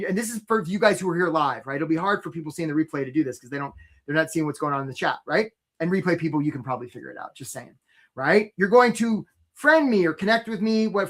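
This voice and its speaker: A man's voice: sits high, a bit bright. Upbeat man hosting a live career webinar. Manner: upbeat, keeps asking "right?" and greets viewers by name. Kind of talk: energetic live webinar pitch.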